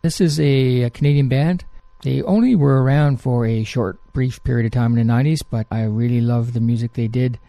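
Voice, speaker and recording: A man's voice: medium pitch, fairly even intonation, fairly quick, creaky, hardly any pauses, dark tone, no room sound. A man hosting a music radio show, chatting casually between songs in a rambling way with frequent fillers.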